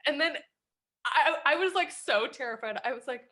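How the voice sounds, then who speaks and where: A young woman with a bright, crisp voice pitched a little high tells an anecdote as a guest. She is animated, laughs often and acts out everyone in the tale. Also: brisk. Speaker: guest, actress and comedian. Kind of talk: casual anecdote telling.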